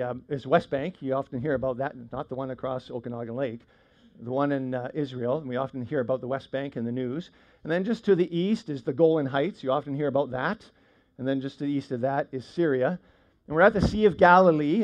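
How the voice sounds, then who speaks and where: A man's voice: mid-range voice, highs cut off. Man preaching a casual sermon. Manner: conversational preaching with frequent fillers and restarts. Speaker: pastor.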